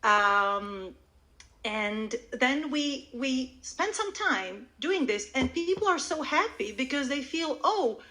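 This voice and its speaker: A woman teacher talks through her methods on an online audio call. Her voice sits a little high. She is animated and demonstrative, often restarting mid-sentence as she explains. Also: slow pace, poor audio. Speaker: Swedish language teacher.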